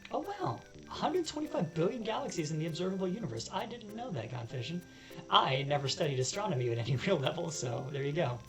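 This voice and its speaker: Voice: medium pitch, very animated, quick pace, over music, rough recording. A let's-play host reading game text aloud with joking asides. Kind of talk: casual game commentary.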